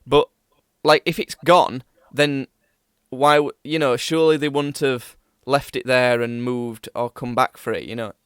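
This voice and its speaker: A man's voice: mid-range voice, fairly even intonation, unhurried, a bit bright, smooth, no echo, clean studio sound. A young man chatting on a podcast, reasoning aloud with stammered restarts. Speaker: podcast co-host. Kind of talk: casual podcast chat.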